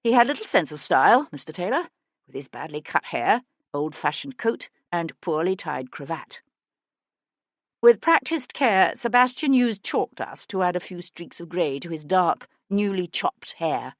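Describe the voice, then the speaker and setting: A woman narrating a historical mystery audiobook in a measured, expressive storytelling manner, close to the mic. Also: lowish voice, no room sound. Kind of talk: scripted narration.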